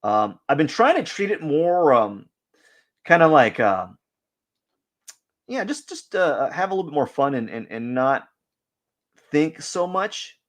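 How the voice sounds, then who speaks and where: A man streaming his drawing session live, talking casually and rambling through a story. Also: medium pitch. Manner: rambling, many restarts and fillers.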